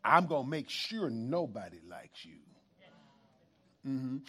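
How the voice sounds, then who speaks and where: A man preaching a sermon in church, emphatic and animated, repeating phrases and bantering with the congregation. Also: medium pitch, slow, long pauses, husky. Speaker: pastor.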